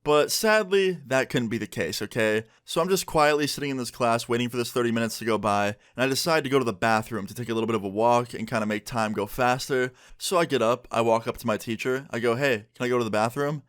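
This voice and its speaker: A man's voice: mid-range voice, quick pace, few pauses, a bit bright, no room sound, studio quality. A young man telling a storytime tale to camera in a casual, chatty way, often checking in with the listener. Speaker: vlogger. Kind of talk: storytime narration.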